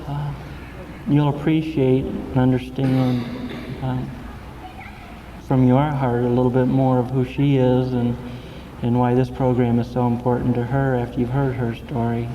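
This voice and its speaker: A man introducing a guest speaker at a recovery meeting, earnest and halting, with many fillers. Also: mid-range voice, level tone, lo-fi sound, a little hiss or hum.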